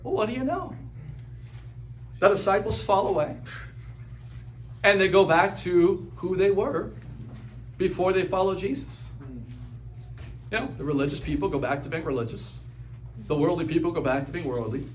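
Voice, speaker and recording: High-voiced man preaching a sermon. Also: lively intonation, slight background noise. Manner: conversational preaching, quick asides, chuckles. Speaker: pastor.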